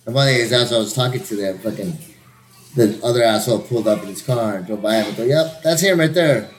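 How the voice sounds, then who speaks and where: A man telling a rowdy story in casual chat, swearing constantly and jumping into louder, higher voices to act out what people said. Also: quick pace, slight background noise. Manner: profane, animated, acts out quotes in raised voices.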